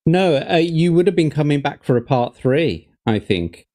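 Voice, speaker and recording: A man hosting a gamebook stream, recapping the game in a measured way and gently teasing his guest. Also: fairly high pitch, expressive. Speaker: host and game runner. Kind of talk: casual chat on a gamebook stream.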